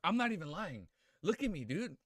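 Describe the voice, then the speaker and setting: A young man live-streaming his reaction, excitable, swearing and laughing often, teary-eyed. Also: high-pitched, fairly quick, no echo. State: tearful.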